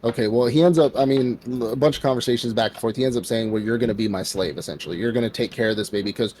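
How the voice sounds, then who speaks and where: A man's voice: medium pitch, very fast, a little mellow, slight background noise. A man co-hosting a podcast, retelling an anime plot in a loose, casual way, acting out the characters' lines with lots of "like" fillers. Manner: loose storytelling, acts out quotes, many fillers like "like". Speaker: podcast co-host.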